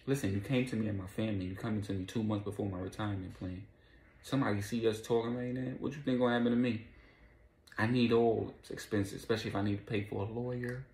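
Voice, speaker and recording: Brief: tired cop close to retirement, hushed and tense, played by a male storyteller. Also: on the low side, steady tone, quick pace, reverberant, close to an everyday voice.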